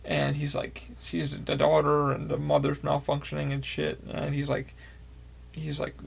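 Gravelly-voiced guy rambling thru a story on his podcast, swears a ton, gets all hyped. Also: fairly high pitch, normal speed. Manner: excitable, heavy swearing, rambling with many fillers. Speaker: podcast host. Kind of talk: casual storytelling.

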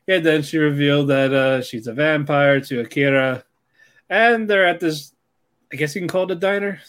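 A man's voice: on the high side, moderate pace, a bit bright. A young man co-hosting a podcast in casual chat, laughing often and using slang as he recaps anime. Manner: laughs often, jumps into quoted character voices, uses slang. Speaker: podcast co-host.

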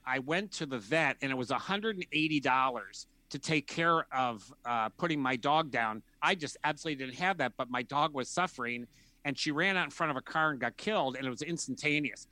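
A man who works as a counselor, explaining his approach in a measured, thoughtful way and acting out imagined dialogues. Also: medium pitch, pushed and bright, dry recording. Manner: acts out imagined dialogues in different voices. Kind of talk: explanatory conversation.

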